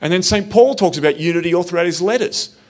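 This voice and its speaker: A man's voice: high-pitched, fast, a little mellow. A man telling a personal story in an earnest, reflective, conversational way. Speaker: speaker telling his story.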